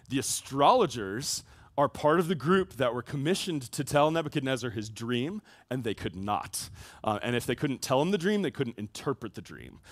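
A man preaching a sermon to high schoolers as a youth pastor, talking casually and conversationally with frequent asides. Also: fairly bright tone, no echo, clean studio sound.

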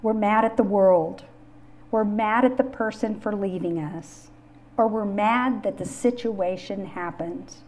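Middle-aged woman podcaster, earnest personal grief talk, mellow voice, middle pitch. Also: unhurried. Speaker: podcast host. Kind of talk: faith-based talk on grief.

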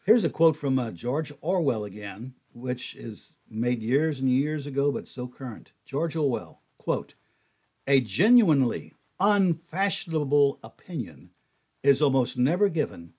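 An older man giving a folksy, conversational Bible teaching, animated when he quotes others. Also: medium pitch, unhurried, husky.

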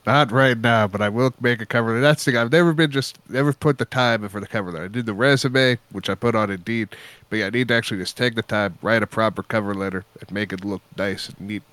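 A man in a casual online chat who talks in a relaxed, rambling and earnest way. His voice is lowish and smooth, and the sound is dry and close. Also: fast talker, dry recording. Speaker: regular chat guest.

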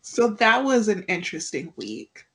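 A young woman co-hosting a podcast in casual chat, telling stories with lively acted-out quotes and frequent laughter. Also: medium pitch, normal speed. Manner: animated storyteller, acts out quotes, laughs often. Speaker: podcast co-host.

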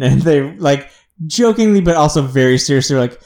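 A man co-hosting a podcast in casual chat, halting and searching for words, often laughing. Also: a little high, animated, darkish tone. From United States. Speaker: podcast co-host.

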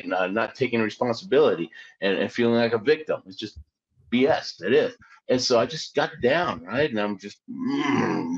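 A man, a former Olympic luge athlete, telling his story in a lively, conversational way, often checking in with his listeners. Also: medium pitch. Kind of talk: storytelling in an interview. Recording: dull lo-fi sound.

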